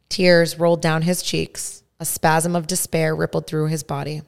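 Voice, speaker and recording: A woman podcast host reading a first-person story aloud in a measured way. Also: low voice, little pitch movement, gravelly.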